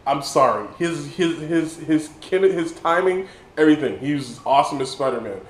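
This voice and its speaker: A man talking casually about a film after a few drinks, his voice sitting a touch high for a man. He rambles with excitement and trips over his words, restarting sentences. The sound carries the echo of a bare room. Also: normal speed, a little hiss or hum. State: tipsy. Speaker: movie reviewer. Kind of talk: casual drunk film review monologue.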